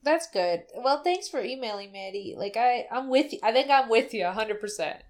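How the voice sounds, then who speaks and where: A woman co-hosting a podcast in casual chat, retelling a scene with quick acted-out quotes. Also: a little high, expressive. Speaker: podcast co-host.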